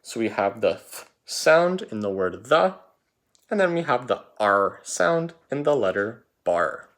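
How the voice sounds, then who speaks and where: A man's voice: medium pitch, sing-song, measured pace, a bit bright. A man teaching a recorded spelling lesson for children, patient and repetitive, calling out words and letters.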